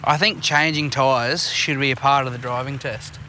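Swearing Australian man with a bright voice. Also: medium pitch, fairly even intonation, moderate pace, a little hiss or hum. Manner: swears a lot, tells rambling stories. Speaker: podcast co-host. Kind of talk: casual chat.

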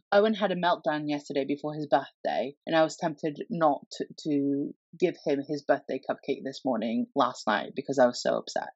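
A woman, a mother and podcast guest, chatting casually and telling stories with lively acted-out quotes and the odd swear word. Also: low voice, moderate pace, breathy edge, dry recording, dull audio. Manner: animated storyteller, swears freely, acts out quotes.

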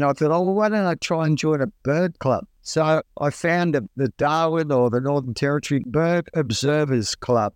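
A man's voice: mid-range voice, dry recording, clean studio sound. Chatty Australian man telling stories. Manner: chatty, relaxed, colloquial, acts out his own exclamations. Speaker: guest. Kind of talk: casual storytelling.

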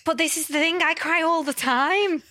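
A woman's voice: extremely high pitch, normal speed, pushed and bright, no room sound. A woman hosting a podcast, a supportive listener who asks questions and agrees in short replies. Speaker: podcast host. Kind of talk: casual chat.

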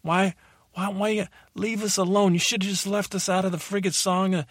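A man voicing a loudmouth male butterfly who rants angrily at humans in a brash, rambling way with a put-on tough-guy accent. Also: sits high, flat delivery, racing, husky, no echo, studio quality, voice pushed up. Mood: ranting. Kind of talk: comedic character monologue.

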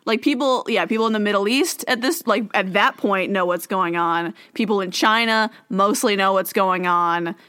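A woman's voice: medium pitch, moderate pace, few pauses, a bit bright, clean tone, no echo. A young woman co-hosting a casual history podcast, chatty and fond of playful tangents. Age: young adult. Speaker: podcast co-host.

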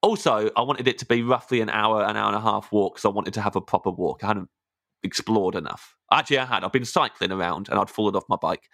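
A man's voice: lowish voice, fast, creaky, fairly bright tone, no echo, studio quality. An English man who is a comedian, telling rambling, self-mocking anecdotes in a casual podcast chat and often stumbling over restarts. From England. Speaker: comedian guest.

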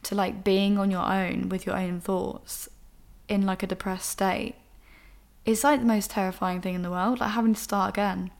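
A woman's voice: mid-range voice, level tone, moderate pace, vocal fry. A young woman hosting a podcast, talking frankly and emotionally about her own life, with casual swearing. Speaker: podcast host. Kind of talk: candid personal monologue.

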